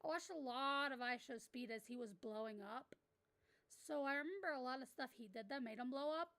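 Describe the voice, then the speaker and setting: A woman streaming as a VTuber, chatting casually with her viewers, excitable and swearing freely with loud outbursts. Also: high voice, fast. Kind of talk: casual live-stream chat.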